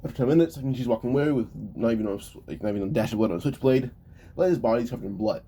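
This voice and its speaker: A man's voice: mid-range voice, rapid-fire, mellow, a little hiss or hum. A man casually narrating a fan-made story in a loose, stumbling way, often correcting himself mid-sentence.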